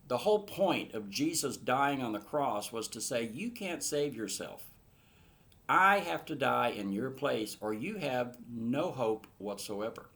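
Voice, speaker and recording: An earnest man teaching through a Bible passage verse by verse. His voice sits in an ordinary middle pitch, and he builds to emphatic, passionate bursts before settling back to steady explanation. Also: measured pace.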